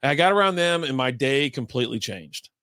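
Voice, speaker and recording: A man in a relaxed podcast chat, spinning loose stories and swearing freely. He acts out what others said as he goes. The sound is dry and close, with no room echo. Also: medium pitch, brisk. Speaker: podcast co-host. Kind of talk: casual chat.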